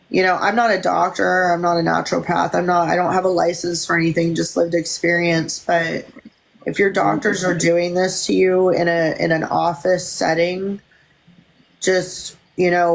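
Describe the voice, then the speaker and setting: A woman in a casual group discussion with a gravelly edge and a slightly low pitch. She talks forthrightly, with open indignation. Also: rough recording. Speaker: panel participant.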